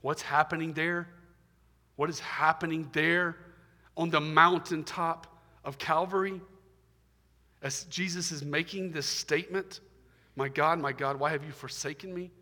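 A man pastor preaching a sermon, emphatic and repetitive, swinging between loud stresses and quiet drops. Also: fairly high pitch, fairly even intonation, measured pace, pauses often. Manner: emphatic, repetitive preaching with rising and falling intensity. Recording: long hall reverb.

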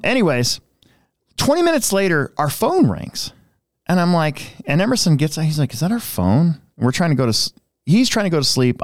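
A man's voice: mid-range voice, no echo, studio quality. A man co-hosting a hobby podcast, telling a rambling story in casual chat and restarting his sentences often. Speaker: podcast co-host.

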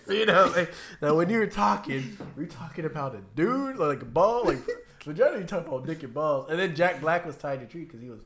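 A man's voice: on the high side, fast. A young man co-hosting a podcast, telling stories in casual chat, laughing often and using slang. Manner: animated, laughing storyteller, slangy. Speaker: podcast co-host.

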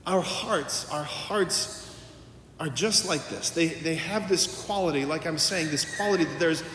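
In a church, a priest gives a homily, telling stories conversationally and acting out the quoted dialogue. His voice is a little high, fairly bright, and a bit slow. The echoey recording is taken from a distance, with slight hiss or hum.

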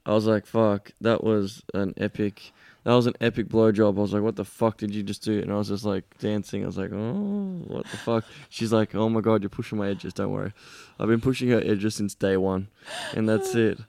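A man, hosting a podcast in casual chat, telling stories quickly and swearing freely. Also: on the low side, gravelly, darkish tone, dry recording. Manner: fast, swearing, storytelling. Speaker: podcast host.

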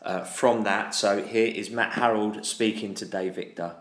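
A man with a low voice gives blunt, firm opinions on a football match for a fan podcast. The room adds a clear echo around him. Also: fairly even intonation, unhurried. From England. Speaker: podcast co-host. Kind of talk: casual match review chat. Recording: roomy echo.

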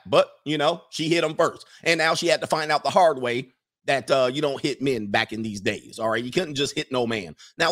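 A man's voice: mid-range voice, a bit bright. A man giving casual, chatty commentary over film clips, repeating himself and dropping into character voices. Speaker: video commentator.

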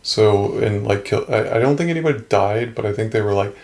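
A man's voice: lowish voice, fairly quick, darkish tone. A man co-hosting a casual podcast, rambling and recapping a game with many fillers. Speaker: podcast co-host.

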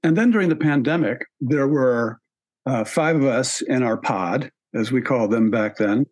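A man's voice: medium pitch, normal speed, a little mellow. Thoughtful man musing with ums. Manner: thoughtful, with frequent ums and restarts. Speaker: author and podcast guest. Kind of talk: relaxed conversational interview talk.

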